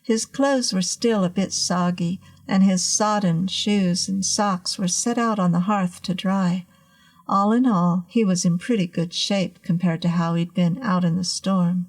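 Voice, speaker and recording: A woman narrating a horror story in a measured, suspenseful way. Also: lowish voice, steady tone.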